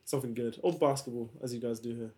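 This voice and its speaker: A man's voice: mid-range voice, steady tone, fast, darkish tone. A man on a podcast giving easygoing, brief remarks in casual chat.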